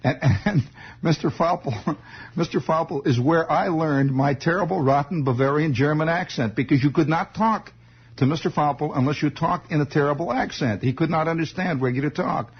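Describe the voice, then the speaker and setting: In a dull lo-fi 1960s radio recording, a host with a slightly high, breathy-edged voice speaks at a moderate pace. His improvised monologue meanders through a childhood memory, with chuckles scattered throughout.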